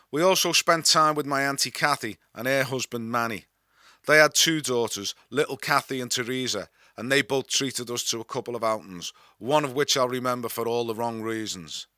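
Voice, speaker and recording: A man's voice: mid-range voice, pushed and bright, no room sound. A man from Liverpool with a Scouse accent reads his own memoir, telling it with wry, dry humour. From Liverpool, England. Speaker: author and narrator. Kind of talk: memoir reading.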